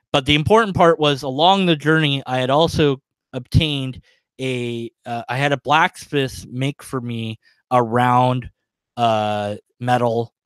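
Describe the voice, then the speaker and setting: A man's voice: medium pitch, clear, resonant tone, dry recording. A man telling a long, rambling story on his livestream, chuckling as he goes, full of fillers. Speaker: livestream host. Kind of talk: casual storytelling.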